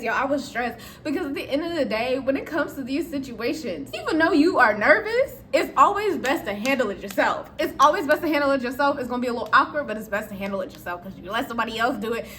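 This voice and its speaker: A woman's voice: fairly high pitch, lively intonation, fairly quick, few pauses, a bit bright, a little hiss or hum. A woman casually telling a storytime to her channel's viewers, chatty and addressing them directly. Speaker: storytime vlogger.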